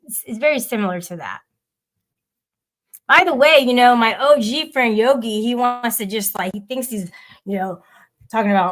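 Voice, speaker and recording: A woman's voice: on the high side, moderate pace, pauses often. A woman hosting a live audio chat room, rambling and blunt, swearing casually as she addresses listeners.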